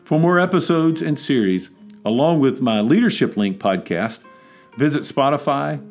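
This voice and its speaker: A man's voice: medium pitch, lively intonation, moderate pace, a little mellow, faint music behind. A man preaching a devotional podcast sermon, exhorting and emphatic, building to urgent peaks.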